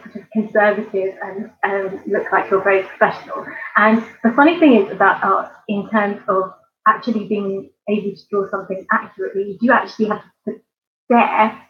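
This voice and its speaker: An art channel host from England, near London, chats casually with viewers on a live stream in a southern English accent, rambling with lots of ums and giggles. Her voice is mid-range and the audio is dull.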